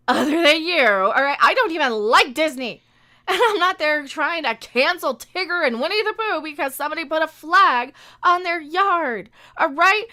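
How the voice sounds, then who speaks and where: A woman streamer with an extremely high, sharp voice rants sarcastically during a live reaction stream. She talks back at the video and sometimes trips over her words.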